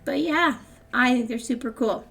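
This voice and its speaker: A woman's voice: high voice, normal speed, fairly bright tone, a little hiss or hum. An older woman hosting a gaming channel, chatting casually through her gameplay with frequent laughs and rambling restarts.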